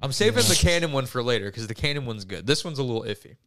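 A man's voice: mid-range voice, sing-song, very fast, fairly bright tone. A young man co-hosting a podcast, telling jokes in rambling, swearing casual chat. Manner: rambling, swearing, laughing storyteller. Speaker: podcast co-host.

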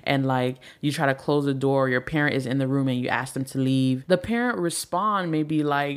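A woman's voice: sits low, fairly quick, few pauses. A woman in her thirties hosting a podcast, talking casually about family and marriage, full of "like" and "right?", acting out quoted lines. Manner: chatty, repeats "like" and "right?", acts out quotes. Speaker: podcast host. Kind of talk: casual advice talk.

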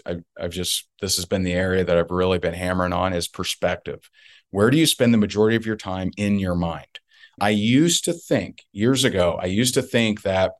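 Man, low voice, emphatic storyteller, repeats lines for effect, podcast guest. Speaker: guest, network marketer.

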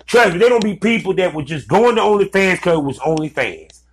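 A man's voice: sits high, big pitch swings, fast talker, a little hiss or hum. A man giving blunt, profane business advice in a casual, ranting commentary. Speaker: vlogger giving advice to content creators.

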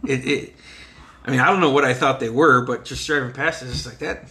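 A guest storyteller who grew up on an American reservation casually recounts foul-mouthed childhood memories, laughing and voicing the quotes himself. His mid-range voice holds a steady tone and comes across brisk, bright and forceful, over slight background noise.

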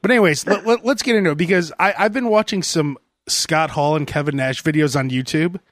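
A man co-hosting a casual podcast chat, animated and laughing often, from Chicago. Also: a little high, fairly quick, dry recording, studio quality. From Chicago area. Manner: animated, laughs often, does mocking voices of people. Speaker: podcast co-host.

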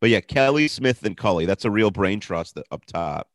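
A man's voice: on the low side, animated, normal speed, no echo. A man co-hosting a podcast, giving dry, opinionated takes in casual sports chat. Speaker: podcast co-host.

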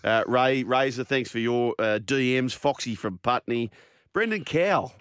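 An Australian man hosting a casual radio show on a studio microphone, chatty and enthusiastic as he runs through shout-outs and phone numbers. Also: mid-range voice, measured pace, clean tone, no room sound. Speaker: radio host.

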